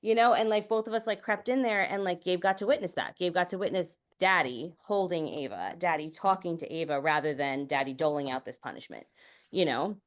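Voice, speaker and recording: Woman, low pitched, candid podcast chat, lots of "like" and "you know", swears casually. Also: a little fast. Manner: candid, swears freely, storytelling; many fillers like "like" and "you know". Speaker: podcast guest.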